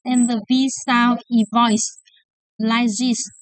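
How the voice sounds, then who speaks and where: Brief: woman, Vietnamese first language, patient pronunciation teacher, slightly high voice, very slow deliberate delivery. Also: level tone, smooth, no echo, rough recording. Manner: slow and deliberate, repeating words for practice. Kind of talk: slow pronunciation lesson with drills.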